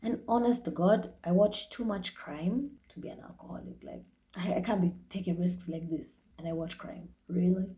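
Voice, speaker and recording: Frank, mellow-voiced Kenyan woman. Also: on the low side, sing-song, normal speed. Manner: frank and profane, mixing in Swahili phrases. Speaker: podcast host. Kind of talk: candid solo podcast monologue.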